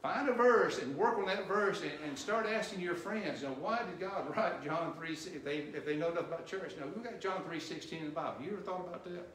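A male missionary preacher delivering a sermon, quizzing the congregation with questions and growing loud and emphatic at his peaks. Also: on the high side, a little fast, few pauses, a little hiss or hum. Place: church sanctuary. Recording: roomy church echo, distant mic.

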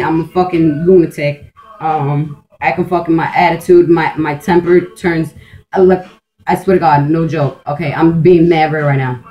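A woman's voice: on the low side, dull audio. A woman vlogging in a casual, rambling monologue. She swears freely, restarts her sentences often and says "like" a lot, and she speaks in a blunt, intense way. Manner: profane, blunt and streetwise; intense and emphatic.

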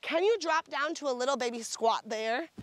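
A woman's voice: sits high, normal speed, dry recording. A woman directing a photo shoot, bubbly and gushing with enthusiastic praise as she calls out poses. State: sucking on a throat lozenge.

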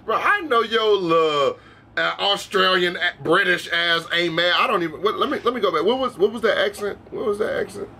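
A man's voice: high voice, brisk, sharp tone, a little hiss or hum. Slangy young man reacting to cartoons. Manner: slangy, profane, laid-back, addresses viewers as bro. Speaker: reaction video host. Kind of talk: casual reaction commentary.

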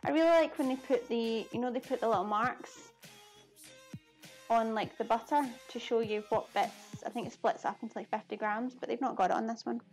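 A woman's voice: on the high side, a little fast, a little mellow, soft background music. A Scottish woman chatting casually on a live cooking stream, laughing often and answering viewers' comments from her kitchen. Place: home kitchen.

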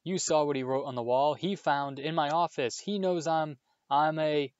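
A man's voice: moderate pace, dry recording, muffled recording, close to an everyday voice. A man reading aloud, voicing a bitter, frantic old male caretaker who shrieks accusations. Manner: shrill, sobbing accusations.

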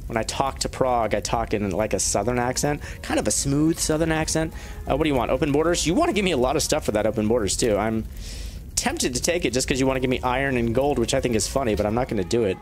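A man at a mid-range pitch chatting through a strategy game session, bantering with his units as if they could hear him. His voice jumps up sharply whenever something excites him. Faint game music plays underneath. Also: quick pace. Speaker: let's play gamer. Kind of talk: casual gameplay commentary.

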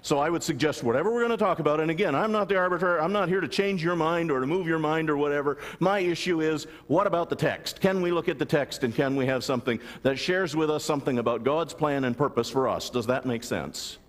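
A man's voice: on the high side, fast talker, few pauses, long reverb tail. A man preaching a sermon as pastor, often asking the congregation rhetorical questions. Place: large church sanctuary.

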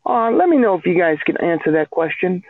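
A man's voice: high-pitched, very animated, a little fast, dry recording. A man leaving a question for a podcast in a hammy, put-on British accent. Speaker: listener calling in a question. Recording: tinny phone-line voicemail.

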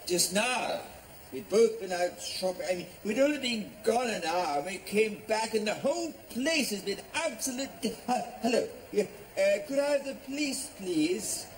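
A man's voice: high voice, animated, normal speed, slight background noise, low-quality recording. An actor playing an exasperated older man who splutters and repeats himself in disbelief, in a sitcom. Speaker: burgled neighbour. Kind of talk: sitcom acting.

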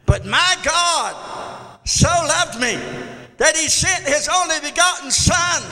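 A man preaching a fervent sermon in a church, his voice pitched very high and ringing bright. He repeats phrases and drives them up into shouted peaks. A long reverb trails every phrase through the sanctuary. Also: lively intonation, slow pace, long pauses, a little hiss or hum. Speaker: pastor. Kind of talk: Pentecostal sermon.

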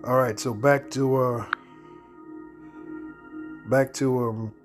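A man delivers a blunt, slangy preaching commentary at a middle pitch. He slows down to read scripture verses aloud. Soft music plays quietly behind him. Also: steady tone. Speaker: Bible teacher.

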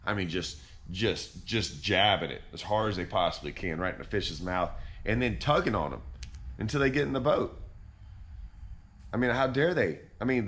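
A man hosting a fishing channel, ranting in deadpan, mock-outraged irony and repeating himself. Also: on the low side. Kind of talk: sarcastic vlog rant.

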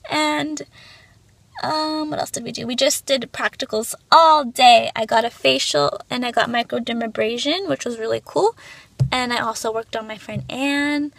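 A woman's voice: fairly high pitch, normal speed, creaky, a bit bright, dry recording. A young woman chatting casually in a vlog, bubbly and full of filler words, stuffy from allergies. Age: young adult. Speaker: vlogger. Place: car and home, phone vlogging.

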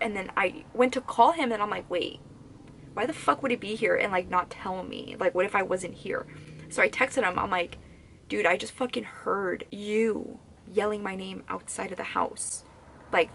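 A young woman vlogger casually telling stories to the camera, animated and swearing freely. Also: mid-range voice, creaky, a little hiss or hum. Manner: animated, swears freely while recounting scary events.

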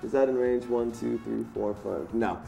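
A man's voice: medium pitch, fairly even intonation, normal speed, vocal fry, warm tone, faint music behind. A man running a tabletop game as game master, narrating in a playful, rambling way. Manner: playful, filler-heavy narration. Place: studio.

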